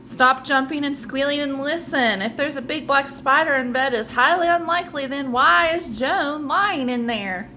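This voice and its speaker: An easygoing, mild father, acted by a woman reading aloud, talking in a relaxed, joking way. The voice sits a little above her own and carries plenty of recording noise. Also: high voice, normal speed, few pauses, voice pushed up. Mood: reasoning.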